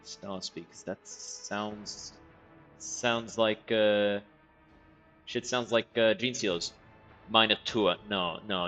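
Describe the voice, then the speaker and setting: A man's voice: on the low side, fairly even intonation, slow pace, sharp tone, soft background music. Wry, cursing man streaming a game. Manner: profane, wry, reads game text aloud. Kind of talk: casual let's-play commentary.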